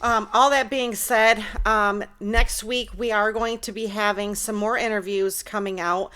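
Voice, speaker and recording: Smooth-voiced woman hosting an interview. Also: mid-range voice, steady tone, measured pace, bright, forceful tone. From United States. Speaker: interview show host. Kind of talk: casual interview.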